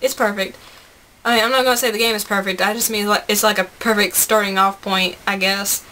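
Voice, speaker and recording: A woman's voice: medium pitch, fairly even intonation, fast talker, sharp tone, slight background noise. A young woman vlogging about games she bought, chatty and bubbly, rambling with laughs and asides. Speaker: gaming vlogger. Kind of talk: casual chat to camera.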